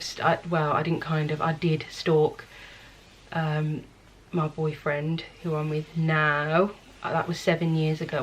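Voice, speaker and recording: A woman's voice: lowish voice, slight background noise. A young woman with a Birmingham accent chatting candidly to camera about herself in a casual vlog recorded at home. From England. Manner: chatty, candid, self-deprecating. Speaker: vlogger. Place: indoors at home. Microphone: camera mic.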